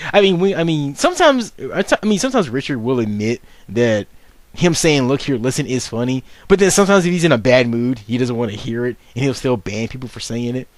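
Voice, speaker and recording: A man's voice: mid-range voice, expressive, brisk, dry recording. A young man giving casual unscripted video commentary, rambling and swearing, with frequent stumbles and restarts as he mocks himself.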